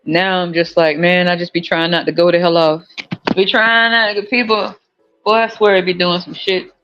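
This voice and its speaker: A man with an American country accent hosting a casual livestream chat, animated and profane, laughing often and jumping into high squeals. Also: moderate pace. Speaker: podcast host. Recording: dull lo-fi audio with faint music.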